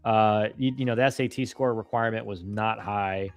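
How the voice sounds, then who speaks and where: A man's voice: lowish voice, steady tone, moderate pace, clean tone, no echo, muffled recording, soft background music. A man hosting a casual live stream and answering viewer questions. He talks in a laid-back, rambling way with slang and many restarts. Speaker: live-stream host, former college ballplayer.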